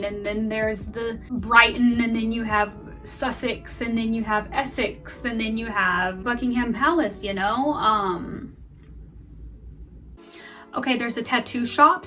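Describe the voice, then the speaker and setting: A woman's voice: on the high side, steady tone, unhurried, sharp tone, distant mic, faint music behind. A woman vlogger giving casual, rambling commentary as she plays a guessing game, thinking aloud and joking at her own expense.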